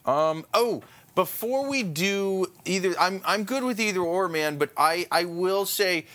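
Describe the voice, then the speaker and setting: A man's voice: high voice, lively intonation, unhurried, fairly bright tone. A man co-hosting a comedy podcast from home, bantering casually with crude, profane jokes. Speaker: podcast co-host and stand-up comedian.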